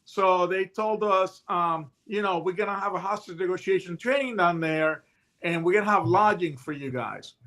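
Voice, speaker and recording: Older guy telling stories, high voice, really lively, does all the voices. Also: normal speed. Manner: animated storyteller who acts out voices in his tales. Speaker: guest, retired hostage negotiator. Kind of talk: casual anecdotal storytelling.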